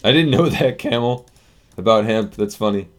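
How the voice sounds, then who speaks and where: A man's voice: fairly low pitch, expressive, normal speed. An American man casually chatting on a live stream, answering viewer comments into a desk mic with loose restarts. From United States. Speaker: software developer streaming live. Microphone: desk microphone.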